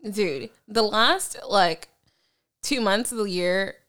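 A woman's voice: medium pitch, slow, fairly bright tone. A woman in her twenties, a podcast co-host, chatting casually with short agreeing replies and joking asides. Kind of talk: casual chat.

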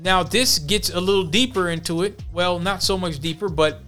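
Over soft background music, a man hosting a podcast reads out news stories at normal speed, his voice high and sharp. He reacts to them bluntly in slang.

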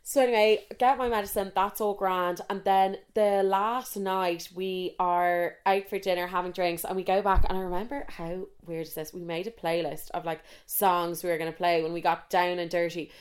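A young woman tells a story in a casual, unfiltered way. Her voice sits a little low, and she swears freely and mocks herself. She leans on fillers as she talks. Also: flat delivery, moderate pace, hardly any pauses. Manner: frank and swearing, self-mocking, many fillers.

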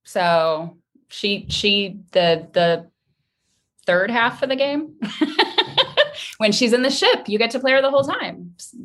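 A woman being interviewed as a guest actress, chatting lively and laughing often. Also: fairly high pitch, slow pace, long pauses. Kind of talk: casual interview chat.

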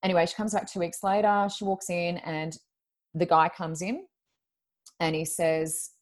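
A woman's voice: lowish voice, little pitch movement, moderate pace. A woman who works as a medium, chatting as a podcast guest and telling a long story in a rambling way, with many fillers. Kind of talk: casual storytelling.

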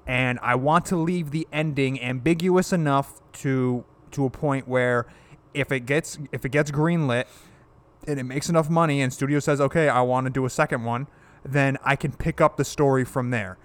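A man's voice: medium pitch, steady tone, normal speed. A man co-hosting a casual podcast chat, blunt and opinionated, swearing and laughing often. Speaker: podcast co-host.

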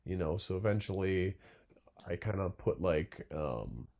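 A young man with a lowish voice talks loosely and unhurriedly. He rambles, tosses in fillers and keeps checking in with "right?" as he goes. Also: animated, measured pace, creaky, darkish tone. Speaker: glassblower guest. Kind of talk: casual interview chat.

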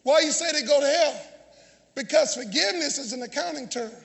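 A man preaching a sermon, shouting call-and-response lines to his congregation and often repeating or restarting phrases. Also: extremely high pitch, fairly quick, vocal fry. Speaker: pastor. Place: large church sanctuary. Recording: long church reverb, faint congregation.

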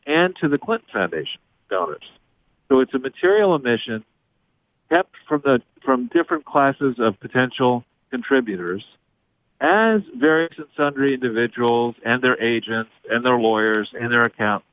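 A man giving his view as a guest in a political interview, with formal, legalistic phrasing. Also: mid-range voice. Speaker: guest commentator. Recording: phone-like dry line.

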